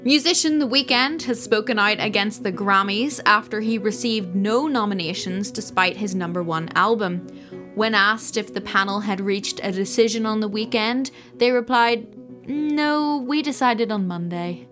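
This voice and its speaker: A woman co-hosting a comedy news podcast, reading scripted headlines with crisp, punny delivery. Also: mid-range voice, normal speed, over music.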